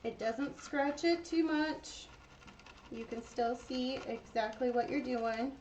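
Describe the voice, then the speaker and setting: A woman hosts a casual painting tutorial, chatting to her viewers while she works. Her voice is high but darkish in tone, and she speaks at a slow pace. The recording is dull and lo-fi with faint noise.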